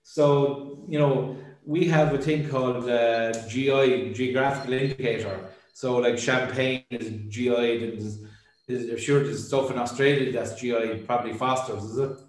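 A man's voice: medium pitch, fairly even intonation, normal speed. An Irish man from Ireland, speaking as a distillery representative in a casual interview chat, hedging a lot with fillers. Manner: hedging, filler-heavy, often says "I suppose". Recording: very echoey room.

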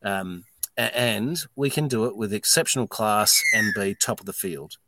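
A man's voice: lowish voice, normal speed, no echo. A middle-aged Australian man, a distillery owner talking as a guest in a casual podcast interview, blunt and swearing as he tells stories. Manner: blunt, swearing, animated storyteller.

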